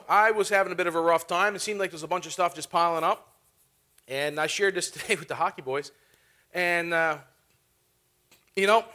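A man's voice: sits high, sharp tone. A man preaching a sermon, telling a funny story and laughing often as he talks. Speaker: pastor.

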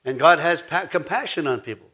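A man's voice: on the high side, lively intonation, brisk, sharp tone. Rambling storytelling male preacher. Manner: rambling storytelling with restarts and laughs. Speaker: pastor. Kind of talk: sermon.

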